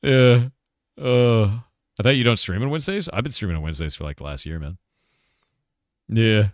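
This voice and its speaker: Deep-voiced laid-back man chatting on stream. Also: normal speed, no room sound, studio quality. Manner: laid-back, laughs often, says "dude" a lot; reads chat questions aloud and answers them. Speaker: streamer and game developer. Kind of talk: casual live-stream chat.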